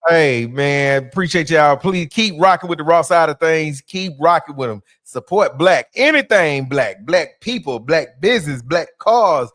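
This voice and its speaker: A man's voice: on the high side, animated, a little slow, few pauses, fairly bright tone, dry recording, studio quality. A man, a comedian guest talking in a laid-back, joking way in a casual interview.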